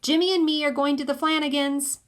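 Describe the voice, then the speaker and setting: Woman doing a shrill bossy little girl. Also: steady tone, a little fast, natural voice. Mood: bossy, excited. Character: bossy excitable young girl neighbor.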